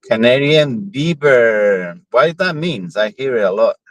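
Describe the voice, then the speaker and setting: A man streaming live, asking simple questions in halting, unsure English. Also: medium pitch, animated, dry recording, poor audio. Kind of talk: casual chat.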